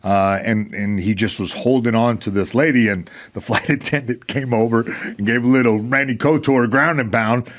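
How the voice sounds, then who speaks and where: Man, news co-host, mid pitch, hesitant fillers, studio. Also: moderate pace, hardly any pauses. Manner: hesitant, filler-heavy explaining. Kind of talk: casual news chat.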